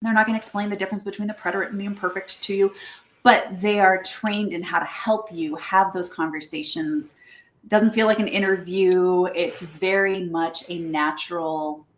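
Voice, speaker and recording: Speaking to a networking group about her language school, a woman with a mid-range voice talks at a moderate pace in a lively, chatty way. She performs brief quoted exchanges as she goes, in an echoey room.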